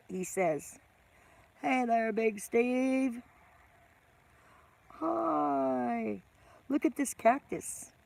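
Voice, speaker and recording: A woman's voice: a little high, vocal fry, darkish tone. A middle-aged woman hosting a casual live stream, greeting viewers by name and teasing herself.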